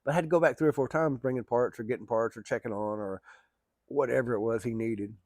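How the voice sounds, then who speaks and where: A middle-aged man spins a casual, meandering yarn in a folksy, plainspoken way, circling back and adding asides as he goes. His voice sits at an ordinary pitch, recorded close and dry with no room around it. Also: quick pace, darkish tone, no echo. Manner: rambling, colloquial, folksy. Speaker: storyteller. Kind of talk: casual spoken storytelling.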